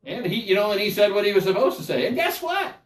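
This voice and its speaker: Speaking fast, an older pastor delivers a conversational, folksy Bible study and keeps checking in with the people listening. His pitch sits fairly high with lively rises and falls. The sound comes from a distance in a room with echo.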